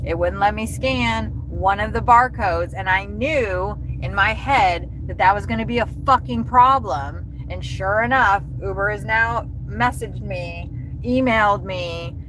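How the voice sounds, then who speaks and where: A woman's voice: medium pitch, unhurried, fairly bright tone, a little hiss or hum, poor audio. A woman delivery driver ranting angrily on a livestream from her car, swearing constantly. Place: inside a car while driving.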